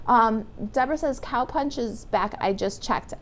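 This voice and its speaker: A woman's voice: a little high, normal speed, few pauses. A middle-aged woman demonstrating paper crafts on a live stream, chatting and reading viewer comments aloud. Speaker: stamping demonstrator.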